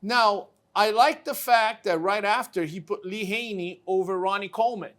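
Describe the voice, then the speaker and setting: A man's voice: sits high, a bit bright. A man hosting a casual interview show, talking with enthusiasm and repeating words for emphasis. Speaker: show host.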